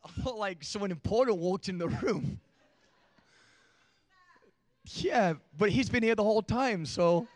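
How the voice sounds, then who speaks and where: A young male pastor with a high voice preaches to his congregation. He delivers the sermon in an animated way, teasing the listeners and then rising to shouted emphasis. The sound is dry and close to the mic. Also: unhurried, long pauses, no echo. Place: church.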